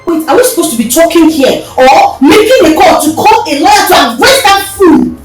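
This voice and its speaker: An outraged friend shrills in a very high, swooping voice. She sounds far off in an echoey room over loud music. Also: expressive, brisk. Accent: Nigerian. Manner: shrill, indignant outbursts.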